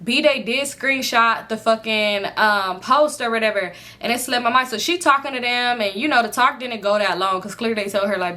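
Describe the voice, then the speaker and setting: A young woman spins a storytime vlog in a bright, forceful voice that sits a little high. She talks in an animated, profane way and acts out what others said. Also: moderate pace, few pauses. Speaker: vlogger. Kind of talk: casual storytime.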